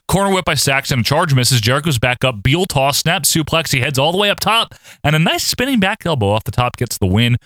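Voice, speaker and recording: Animated, bright-voiced man recapping wrestling. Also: on the high side, brisk, no room sound. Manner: laughing, play-by-play recapping with sarcastic asides. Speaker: podcast co-host recapping wrestling. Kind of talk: casual chat.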